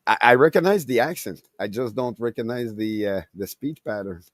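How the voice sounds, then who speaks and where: A man with a Québécois French accent talks casually, stumbling and repeating words as he gathers his thoughts. His voice sits in the middle range and sounds dry and close, with no room echo. The talk is loose late-night podcast chat. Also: mid-range voice. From Quebec, Canada. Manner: halting, repeats words and restarts often.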